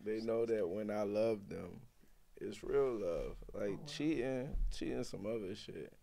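A young man chatting as a guest on a casual group podcast, laid-back and slow to make his point. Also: lowish voice, gravelly, dark tone.

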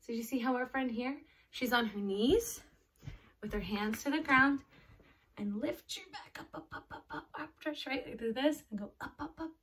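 A woman leads a children's yoga lesson while reading a picture book aloud. Her voice is bright and slightly high, and she cheers the kids on in plain, simple words. She sounds set back from the mic, with faint noise behind her. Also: moderate pace, far from the mic.

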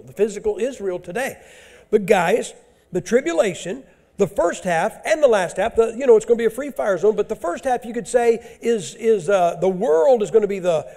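A man's voice: high voice, creaky, dark tone. A man preaching a sermon in a church, blunt, emphatic and folksy.

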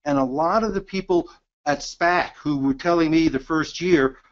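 A middle-aged man with a slightly high voice teaches a photography workshop in an emphatic, energetic way. The recording sounds dull and lo-fi. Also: moderate pace. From New York. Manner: emphatic, energetic, self-described cynic. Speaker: photography educator. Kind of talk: animated storytelling workshop.

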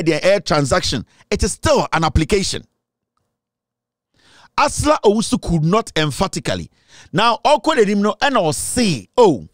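A man's voice: sits high, dry recording, clean studio sound. A man with a Ghanaian accent delivering insistent political commentary, repeating his points and switching between English and Twi.

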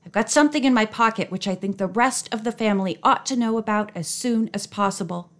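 Teasing teen boy, woman narrator puts him on, slightly lower and faster. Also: natural voice. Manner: teasing, brisk. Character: teenage boy Jimmy, joking and teasing.

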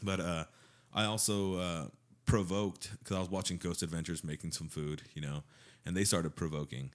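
A man's voice: low voice, moderate pace. A man telling ghost stories in casual podcast chat, swearing often and acting out what people said. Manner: swearing, animated storytelling with acted-out quotes. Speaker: podcast guest. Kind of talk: casual storytelling.

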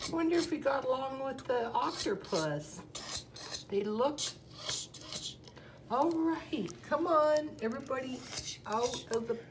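A woman narrating playful toy play in an animated, exclaiming way. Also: fairly high pitch, a little hiss or hum.

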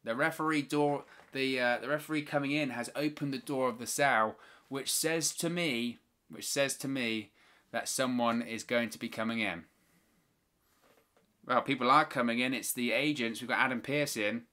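A man's voice: mid-range voice, normal speed, sharp tone. A man hosting a live watch-along, giving play-by-play wrestling commentary with opinionated, exasperated asides.

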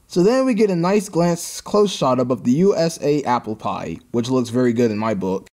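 A man's voice: mid-range voice, lively intonation, moderate pace, darkish tone. A man giving sarcastic review commentary on a cartoon, ranting in an exasperated, mocking way.

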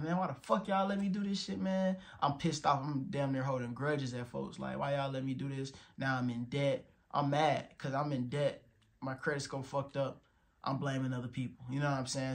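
A young man in his twenties giving a blunt, profane motivational talk, stressing words and checking in with "you feel me". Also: mid-range voice. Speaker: motivational vlogger. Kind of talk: casual motivational monologue.

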